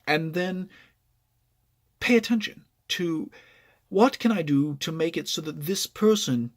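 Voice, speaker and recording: A man's voice: a little high, unhurried. A man telling a storytime vlog about online gaming, explaining at length and checking in with "right?". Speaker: gaming vlogger.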